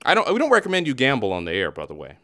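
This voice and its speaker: A man hosting a casual sports talk podcast, ranting in an animated way. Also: mid-range voice, very fast. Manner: animated, ranting with mock voices. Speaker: podcast host.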